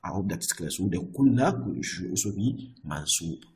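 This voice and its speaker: A man teaching Arabic grammar, often repeating himself and checking with "I hope that is clear.". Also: low-pitched, animated, moderate pace, mellow, rough recording. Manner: restarts and repeats words often. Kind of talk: explaining Arabic grammar on screen.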